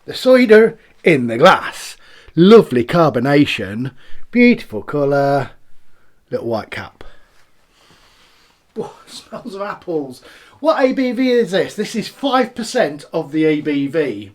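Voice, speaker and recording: Man, casual tasting review, animated pitch, rambling and chatty. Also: unhurried, long pauses. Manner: chatty, rambling, savoring each sip. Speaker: beer reviewer.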